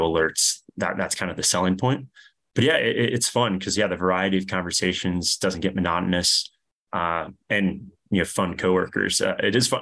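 A young man with a New York accent, chatting as a podcast guest with lots of fillers and restarts. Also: fairly bright tone. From New York, USA. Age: young adult. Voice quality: deep. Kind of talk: casual interview chat.

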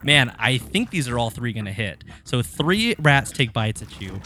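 A man's voice: mid-range voice, very animated, normal speed, bright, forceful tone, slight background noise. A man running a tabletop game as game master, narrating gory scenes in a casual, laid-back way with the odd swear. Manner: casual, laughing, swears freely.

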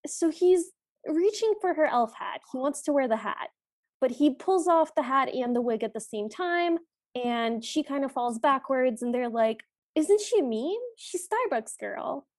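Woman with a higher voice going over a movie plot, kinda wry, dry close mic. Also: lively intonation, moderate pace, a little mellow, no room sound. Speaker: podcast co-host. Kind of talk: casual movie recap chat.

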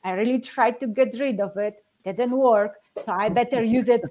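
A woman from Poland with a Polish accent, a podcast guest telling stories in an animated way and laughing often. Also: fairly high pitch, normal speed. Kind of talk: podcast interview.

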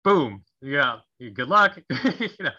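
A man talking as a conflict resolution coach in a casual podcast interview, animated and laughing often as he acts out sample phrases. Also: medium pitch, slow. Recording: dull lo-fi audio.

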